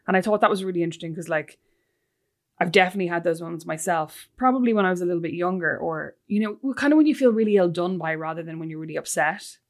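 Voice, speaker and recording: Fast-talking chatty woman. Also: lowish voice. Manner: chatty, animated storyteller. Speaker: podcast co-host. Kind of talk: casual chat.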